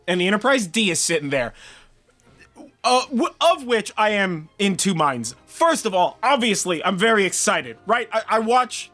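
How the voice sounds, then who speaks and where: A man co-hosting a review podcast, ranting in a profane, animated way and stumbling over restarts. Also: high voice, moderate pace, soft background music. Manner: animated and swearing, frequent restarts. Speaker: podcast co-host reviewing a TV series.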